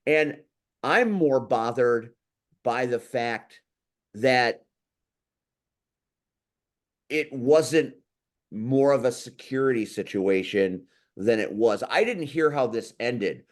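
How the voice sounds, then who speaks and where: A male podcast host talking casually. He is blunt and outspoken, and he drops in swear words when he gets worked up. His voice sits at an ordinary middle pitch. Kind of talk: casual chat.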